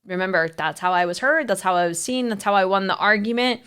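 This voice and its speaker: A woman's voice: medium pitch, fast talker, a bit bright, smooth. A woman marriage coach talking candidly and telling a story with animation in a casual podcast chat.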